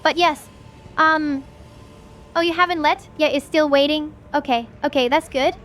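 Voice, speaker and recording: A woman streamer wrapping up a live stream, gushing with excitement and tripping over her own words. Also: high-pitched, moderate pace, slight background noise. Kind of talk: livestream wrap-up chat.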